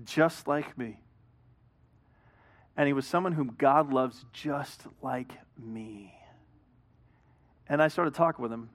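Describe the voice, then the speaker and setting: A man's voice: mid-range voice, takes it slowly, pauses often. A middle-aged man, a pastor, preaching a sermon in an earnest, conversational way, telling a story and acting out both sides of a talk.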